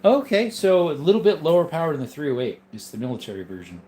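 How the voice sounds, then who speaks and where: His voice is a little high and warm, swinging widely in pitch at a quick pace, with slight background noise. The man hosts a relaxed livestream, yawning and tired, working through viewer chat with rambling, easygoing answers, ums and asides.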